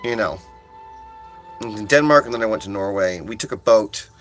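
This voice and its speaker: A chatty man live-streams to his viewers, his voice bright and forward. He reacts to chat with loud, eager outbursts and trips over his restarts, while faint, mellow music plays behind him. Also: fairly low pitch, moderate pace. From United States. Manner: chatty and excitable, answering chat with loud exclamations, frequent restarts. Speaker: audiobook narrator live-streaming. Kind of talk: casual livestream chat with viewers. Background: faint chill music he put on.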